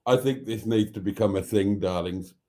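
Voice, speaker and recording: Chatting live with his audience, the Welsh host reads out comments in a camp, theatrical, talkative manner. His pitch is fairly low, his tone dark, his pace moderate.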